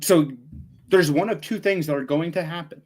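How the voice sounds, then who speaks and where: A man's voice: on the high side, moderate pace. A man speaking as an interview guest, giving direct, plain-spoken advice. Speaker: guest, veteran nonprofit founder. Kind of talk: conversational interview.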